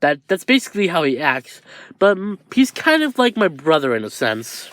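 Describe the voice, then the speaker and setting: A man's voice: on the high side, sing-song, moderate pace, fairly bright tone, no echo. A man improvising a fan story aloud, rambling and hesitant with many restarts.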